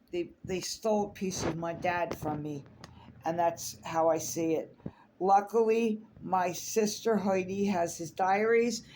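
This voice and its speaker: A woman telling a personal story on her vlog, holding back tears, halting with many fillers and restarts. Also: mid-range voice, darkish tone, slight background noise. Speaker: artist sharing a personal story.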